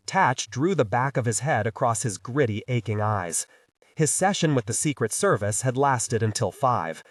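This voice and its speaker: Expressive male audiobook narrator. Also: mid-range voice, husky, no room sound, studio quality. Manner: dramatic, expressive reading.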